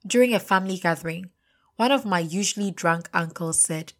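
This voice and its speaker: Expressive young woman telling her story. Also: lowish voice, fairly quick. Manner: expressive, confiding. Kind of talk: first-person story narration.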